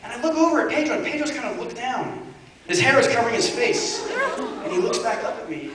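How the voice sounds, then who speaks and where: A man telling a comic story to a live audience, rambling and animated, saying "like" often. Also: very high-pitched, brisk, over a noisy crowd. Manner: animated, rambling, heavy use of "like". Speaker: guest speaker. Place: large university event hall. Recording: echoey hall, distant mic, loud audience.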